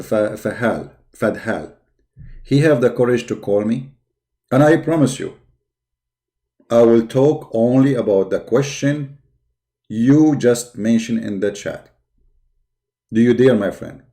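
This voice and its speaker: A man's voice: mid-range voice, expressive, a little slow, long pauses, dark tone. A man hosting a live stream, taunting and challenging viewers to call in. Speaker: live stream debate host. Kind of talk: mocking live stream talk.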